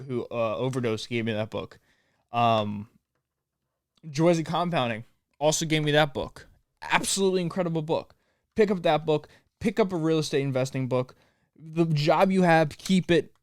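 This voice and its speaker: A young man hosts a solo podcast from a room in his home, delivering a profane, pumped-up motivational rant while a dog barks nearby. His voice is smooth and on the high side. The recording is studio quality, with no room sound.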